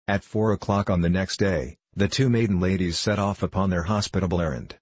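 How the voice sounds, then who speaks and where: A man reading a period novel aloud as a narrator, in a measured, even manner, giving the characters light voices. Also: low-pitched, slightly rough, no room sound. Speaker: audiobook narrator. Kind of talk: scripted narration.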